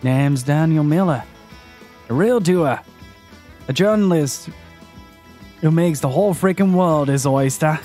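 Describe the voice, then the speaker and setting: A man voicing a cocky male rival journalist in a video game, boastful and taunting, reading the lines a little higher than his own voice. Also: a little slow, pauses often, warm tone, soft background music, lightly acted.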